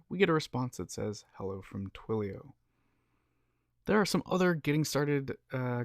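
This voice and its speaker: A man's voice: mid-range voice, dry recording, clean studio sound. A man presenting a casual, upbeat screencast walkthrough as a developer tutorial host.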